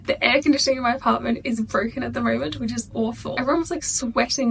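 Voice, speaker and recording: Gushing Australian woman, higher voice. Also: steady tone, fast talker, gravelly, a bit bright, a little hiss or hum. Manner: gushing, chatty, heavy use of "like". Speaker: vlogger. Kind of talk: casual reaction chat.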